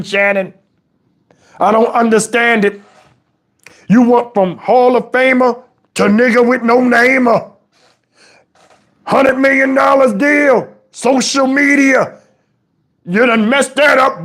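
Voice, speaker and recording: A man's voice: extremely high pitch, heavily acted. A man playing a preachy, outraged elderly father who scolds and swears in a comedic rant. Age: older. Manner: exasperated scolding, preachy, swears, shouts at times.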